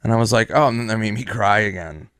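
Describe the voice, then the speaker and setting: A man's voice: on the low side, fast, a bit bright, clear, resonant tone, dry recording, studio quality. A man who is a comedian telling a casual anecdote, rambling and acting out both sides of the dialogue. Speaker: comedian guest.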